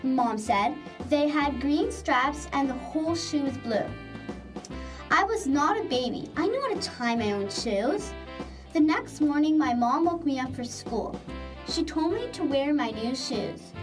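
A woman reading a simple personal story aloud in a lively way, like a school essay. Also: high voice, a little slow. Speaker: narrator. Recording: distant mic under loud music.

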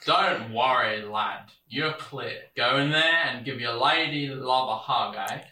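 A man's voice: mid-range voice, a little slow, pushed and bright, roomy sound. A man playing a smug, folksy small-town sheriff who talks down to people, tacking on "eh?" and "lad" in an audio drama. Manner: patronizing, sing-song, tags lines with "eh?" and "lad".

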